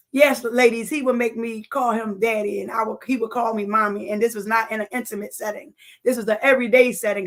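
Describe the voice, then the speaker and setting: A woman's voice: fairly high pitch, a bit bright. A woman giving a personal testimony to an audience, earnest, speaking to them directly and repeating phrases for emphasis.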